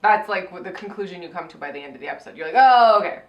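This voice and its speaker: A woman's voice: lowish voice, racing. A woman co-hosting a casual chat about a TV episode, acting out quotes in playful voices. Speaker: podcast co-host. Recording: echoey room.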